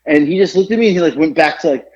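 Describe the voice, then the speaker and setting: Rambling man, husky and lo-fi. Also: on the high side, animated, rapid-fire, a little mellow. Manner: rambling, stumbling over words with many fillers. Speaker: podcast co-host. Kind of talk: casual storytelling chat. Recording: dull lo-fi podcast audio.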